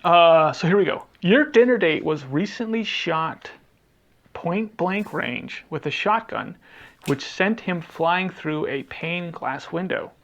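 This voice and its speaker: Gravelly-voiced man rambling on a podcast. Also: a little high, animated, slow, fairly bright tone, highs cut off. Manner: rambling, searches aloud for half-remembered titles. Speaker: podcast co-host. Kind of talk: casual podcast chat, movie game.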